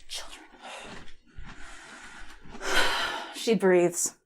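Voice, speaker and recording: A woman playing a character in a tabletop game, speaking in a composed, dry manner. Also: drawn-out words. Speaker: player. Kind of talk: tabletop role-play.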